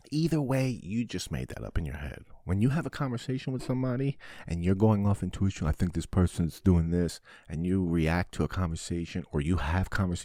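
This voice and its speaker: A man hosting a podcast, giving a casual, animated monologue full of swearing. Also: deep voice, dry recording, clean studio sound. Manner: swears often, animated and preachy. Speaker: podcast host.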